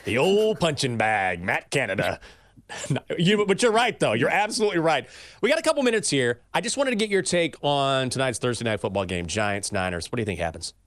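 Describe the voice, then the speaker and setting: Lively male podcast host, teasing banter, dry close sound. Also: medium pitch, a little fast, no echo. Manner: animated, teasing. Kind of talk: sports betting podcast banter.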